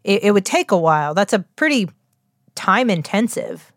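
A woman's voice: medium pitch, very animated, normal speed, no echo, clean studio sound. A woman from West Virginia with a West Virginia accent, co-hosting a podcast in a rambling, chatty way, full of fillers and restarts. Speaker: podcast co-host. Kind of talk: casual chat.

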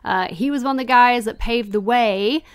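Casting: lively woman podcast co-host, higher voice, fast banter. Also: clean tone. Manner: quick, laughing, enthusiastic. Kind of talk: casual chat.

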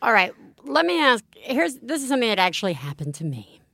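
A woman co-hosting a podcast in casual chat, telling a story with lively acted-out quotes. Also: on the high side, a little fast, creaky, no echo, clean studio sound. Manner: animated storytelling, acts out quotes. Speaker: podcast co-host.

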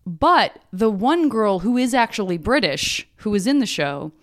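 A woman podcast host in casual chat, asking questions with animated curiosity. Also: mid-range voice, a little slow.

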